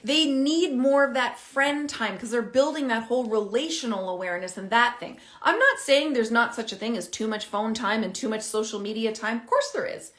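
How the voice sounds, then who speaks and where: A middle-aged woman talking casually to camera as a parenting coach, animated and chatty, thinking out loud as she explains. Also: on the high side, moderate pace, few pauses. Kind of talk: casual direct-to-camera advice.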